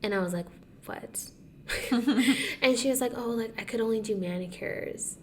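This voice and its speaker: A woman's voice: mid-range voice, a little fast, slight background noise. A young woman co-hosting a casual podcast, telling a long story and acting out what each person said, with "like" in nearly every line. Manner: animated storyteller who acts out quotes, says "like" often. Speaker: podcast co-host.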